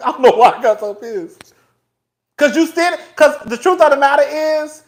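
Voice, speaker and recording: A man hosts a loose live-stream commentary, his pitch leaping up and down as he goes. He is chatty and profane, breaks into laughter often, and keeps talking straight to his viewers. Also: a little slow. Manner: animated, profane, laughs often between remarks; chatty, talks straight to viewers as "girl" and "y'all". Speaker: host.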